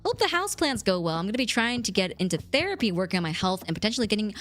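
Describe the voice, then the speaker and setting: A young woman chats with her stream audience in an animated, swooping voice. She darts up into squeaky highs and drops into goofy low tones. Faint music plays behind her. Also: very fast, few pauses. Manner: animated, bouncing between squeaky highs and mock-deep lows. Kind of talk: casual chat with viewers.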